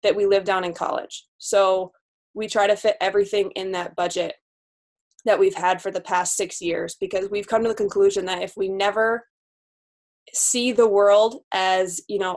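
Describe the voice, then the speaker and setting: A woman's voice: medium pitch, steady tone. A woman in her twenties, a new physical therapist, talking candidly in a casual podcast interview. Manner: candid, chatty, quick laughs.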